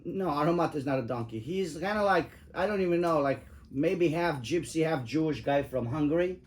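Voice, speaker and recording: A man's voice: on the high side, lively intonation, fairly quick. A middle-aged man telling cab-driving stories in casual chat, profane and emphatic, rambling with lots of fillers.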